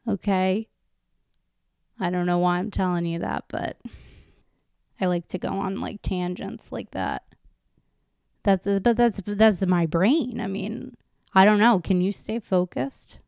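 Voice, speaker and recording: A woman's voice: lowish voice, slow pace, a little mellow, clean tone, no echo, clean studio sound. A woman talking to her viewers in a candid, rambling monologue, going off on tangents and swearing casually.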